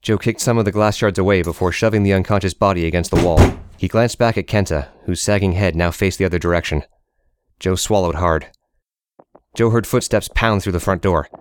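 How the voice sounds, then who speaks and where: A man narrating an audiobook in a steady, measured reading. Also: sits low, slight background noise.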